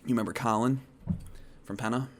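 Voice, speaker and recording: A young man from the Midwest hosts a relaxed podcast chat with a friend, telling stories loosely and swearing as he goes. His voice has a middle male pitch. A faint hiss sits behind him. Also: fairly quick. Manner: storytelling, swearing, laughs at his own stories. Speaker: podcast host. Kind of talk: casual chat.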